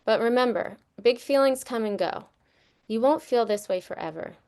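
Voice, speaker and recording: A soft, reassuring storybook grandmother who comforts a grandson with calm patience, as a woman reading aloud puts her on. Her voice is smooth and clear. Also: a little high, moderate pace. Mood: tender. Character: gentle loving grandmother caring for her grandson.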